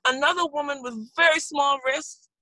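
A woman co-hosting a casual chat, telling stories in an animated way and laughing often. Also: sits high, moderate pace, dry recording, low-quality recording.

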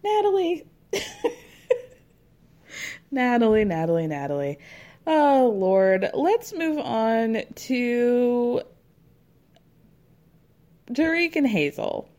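A woman's voice: fairly high pitch, expressive, very slow, pauses often, a little mellow. A woman hosting a casual recap, chatty and laughing often, dropping into mock voices to quote people. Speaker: recap podcast host. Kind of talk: casual chat recapping a reality show.

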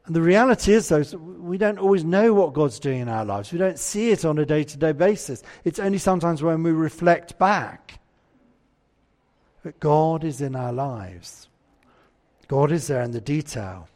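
Male preacher, slightly high voice, chatty sermon delivery, church reverb. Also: expressive, moderate pace, darkish tone. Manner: conversational, asks the congregation questions.

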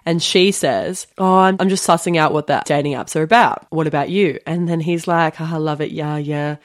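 Lively young woman telling a story on a podcast. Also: low voice, moderate pace. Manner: animated, lots of "like" fillers, laughs often. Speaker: podcast co-host. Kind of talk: casual storytelling chat.

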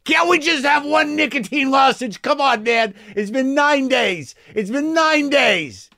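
A whiny, high-pitched inner voice begs and nags, as a man puts it on. The sound is dry and close, and the lines stretch out plaintively. It pleads with a wheedling, childish insistence. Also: lively intonation, measured pace, creaky, pushed and bright, dry recording, heavily acted. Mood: pleading. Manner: pleading and nagging.

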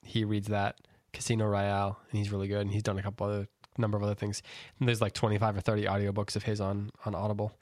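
Male podcast host, relaxed rambling delivery, dry close sound. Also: on the low side, fast talker, few pauses, no echo. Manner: loose, rambling with many restarts. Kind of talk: casual book-club chat.

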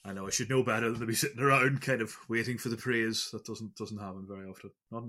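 A man's voice: fairly low pitch, steady tone, fast, sharp tone. A man co-hosting a casual gaming podcast, rambling and self-deprecating with frequent stammered restarts. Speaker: podcast co-host.

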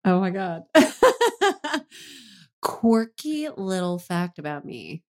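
A woman actress and voice actress, a podcast guest, chatting in an animated, playful way. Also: medium pitch, very slow. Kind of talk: casual interview chat.

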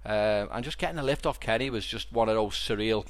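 On the low side and brisk, this man's voice carries a Liverpool Scouse accent. He hosts a casual podcast and tells rambling stories, frequently restarting and repeating words.

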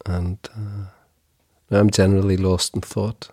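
Deep husky man chatting. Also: flat delivery, mellow, dry recording, clean studio sound. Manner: halting, wry, chuckling asides. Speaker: podcast co-host. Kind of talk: casual chat.

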